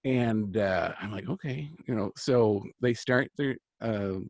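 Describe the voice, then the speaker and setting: A man's voice: fairly low pitch, takes it slowly, a little mellow, no room sound. A middle-aged man telling a long personal story in an earnest, rambling way, full of fillers and restarts. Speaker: host, angel card reader and healer. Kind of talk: casual storytelling chat.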